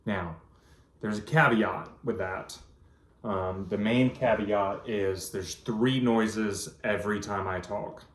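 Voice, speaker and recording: Casting: vlogger in his thirties, lowish voice, earnest and rambling, recorded in a reverberant room. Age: 30s. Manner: earnest, rambling storytelling with many ums. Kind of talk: casual personal vlog. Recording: echoey room.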